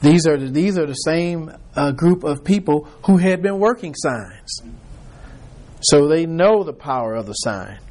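A man's voice: on the high side, animated, measured pace, darkish tone. A man leading an informal Bible study, talking conversationally with frequent restarts and acting out people's reactions.

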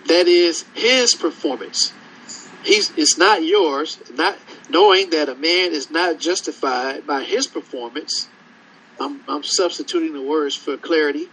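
A man preaching a sermon, slow and conversational, acting out scripture dialogue and drawing answers from the congregation. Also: a little high, bright, forceful tone, slight background noise, poor audio.

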